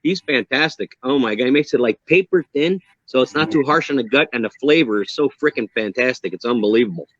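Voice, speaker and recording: A man with a New York accent, a drummer being interviewed on a video call, talking in an animated, emphatic, joking way. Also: medium pitch, fast, hardly any pauses, dull audio, slight background noise. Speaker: guest drummer. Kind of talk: casual interview chat.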